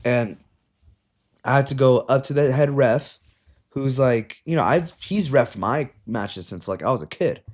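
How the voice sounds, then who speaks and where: Young guy, mid pitch, animated swearing storyteller, casual podcast chat. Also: unhurried. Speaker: youth wrestling coach.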